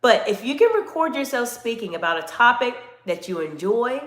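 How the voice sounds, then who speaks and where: A woman's voice: on the high side, very animated, moderate pace, fairly bright tone, echoey room. A woman coaching live-stream viewers on communication, speaking directly to them in an instructive way and reading out their chat comments.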